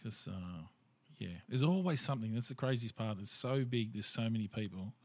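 A man with an Australian accent hosting a podcast, chatting in a relaxed and easygoing way with his guest. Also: fairly low pitch, moderate pace, no room sound. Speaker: podcast host. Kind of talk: casual interview chat.

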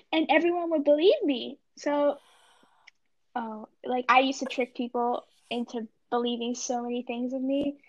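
A woman's voice: high voice, steady tone, moderate pace, no echo, dull audio. A teenage girl co-hosting a podcast, telling stories in a bubbly, laughing way. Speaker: podcast co-host. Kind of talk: casual chat.

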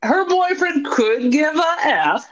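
A woman co-hosting a podcast, talking through a movie in animated, indignant casual chat and acting out characters' lines. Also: high-pitched, slow pace, lo-fi sound. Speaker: podcast co-host.

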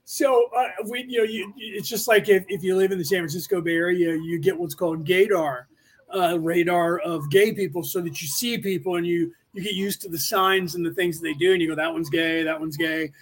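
A man's voice: sits high, brisk, husky. A man in his forties from California, hosting a podcast in a rambling, casual livestream chat, often restarting and correcting himself mid-sentence. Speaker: podcast host.

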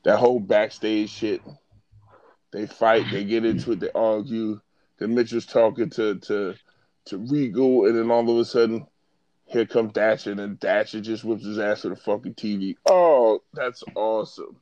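Man, low voice, heated profane rant, dry close sound. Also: steady tone, moderate pace, warm tone, no room sound, dull audio. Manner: heated, ranting, swears a lot. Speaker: podcast co-host. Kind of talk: casual chat, profane rant.

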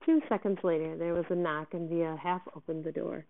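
Brief: lower-voiced woman teacher, expressive read-aloud of a novel, tinny phone-like audio. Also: fairly quick. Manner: expressive first-person reading.

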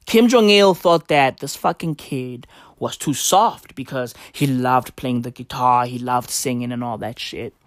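A woman's voice: very deep voice, a little slow, dry recording, clean studio sound. A woman doing a rambling, profane comic monologue in a slangy dude persona.

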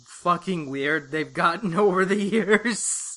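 An adult in casual chat, excitable and swearing a lot. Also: mid-range voice, slow.

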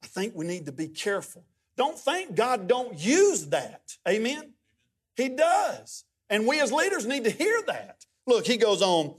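A middle-aged man preaching a sermon as a guest pastor, telling folksy stories that swing from hushed to loud. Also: very high voice, sing-song, a little slow, slightly rough.

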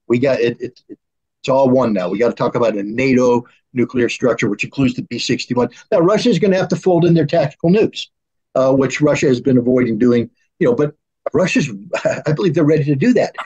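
A man's voice: mid-range voice, fast talker, a little mellow, husky, dull audio. A man speaking as an arms control expert, talking heatedly and acting out quoted exchanges between negotiators. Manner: acts out both sides in mock dialogue. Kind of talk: animated political discussion.

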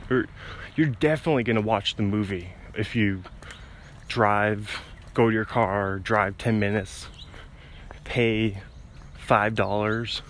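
A man's voice: lowish voice, fairly even intonation, slow pace, pauses often, fairly bright tone, slight background noise. A young man hosting a solo podcast outdoors, rambling and laughing at his own tangents while holding his phone to his ear. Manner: meandering, self-interrupting, laughs at himself. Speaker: podcast host. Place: outdoors by a road, walking. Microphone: phone held to ear.

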